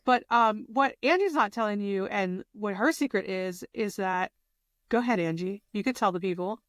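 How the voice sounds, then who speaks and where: Bubbly young woman with smooth voice. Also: mid-range voice, normal speed, dry recording, clean studio sound. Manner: bubbly, expressive, lots of fillers. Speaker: podcast co-host. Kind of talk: casual chat.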